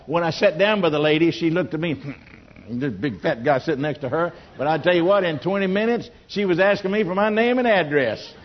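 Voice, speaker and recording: An older man with a Southern accent, preaching in a homespun storytelling way and rising to emphatic bursts. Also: fairly high pitch. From Louisiana. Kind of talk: folksy testimony sermon. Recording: dull lo-fi sound.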